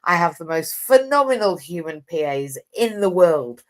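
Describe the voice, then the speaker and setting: A woman hosting an interview, telling stories in a lively way and acting out quoted lines. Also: fairly low pitch, moderate pace. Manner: lively storytelling with quoted voices and laughs. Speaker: host. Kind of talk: casual conversational interview.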